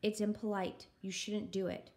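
A woman voicing a brisk, stern, orderly older woman who speaks curtly and disapprovingly in a storybook reading. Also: mid-range voice, level tone, a little mellow, close to an everyday voice. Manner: curt and disapproving.

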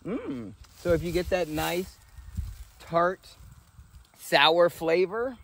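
A man with a high voice and vocal fry speaks slowly in a fairly even tone, vlogging outdoors as a folksy homesteader. His casual how-to rambles and thinks out loud with lots of fillers, moving from a spot by the trees into a kitchen.

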